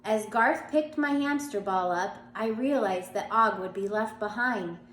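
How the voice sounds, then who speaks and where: A woman's voice: mid-range voice, measured pace, a bit bright. A woman reading a children's chapter book aloud with small slips and restarts, voicing the characters as she goes, a bit stuffy from allergies and coughing now and then. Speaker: reader. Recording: echoey room, faint background hum.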